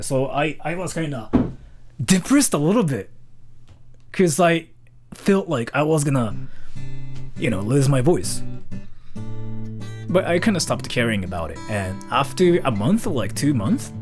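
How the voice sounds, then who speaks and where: A man in his twenties talking casually to camera, rambling and mocking himself. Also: medium pitch. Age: 20s. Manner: rambling, joking, self-mocking. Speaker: vlogger.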